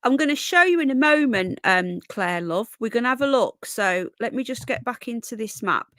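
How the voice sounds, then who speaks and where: A woman's voice: fairly high pitch, lively intonation, moderate pace, a bit bright, dry recording, studio quality. A woman hosting a casual live stream, thinking aloud and greeting viewers by name.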